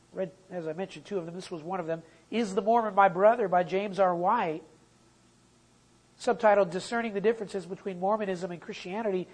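A preacher giving a sermon in a church, pitched in an ordinary middle range. The delivery is emphatic, stretching out and repeating the key phrases so they land. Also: poor audio.

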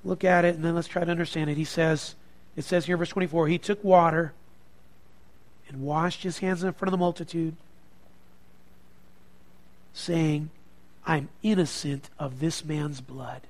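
High-voiced man preaching a sermon. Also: normal speed, pauses often. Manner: animated preaching, swinging from quiet to emphatic. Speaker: pastor.

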